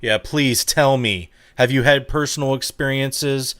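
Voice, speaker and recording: A man's voice: mid-range voice, fairly bright tone, dry recording, studio quality. A man hosting a live-stream interview, chatty and full of ums and uhs as he sets up questions. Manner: chatty, filler-heavy, \"real quick\". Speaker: show host.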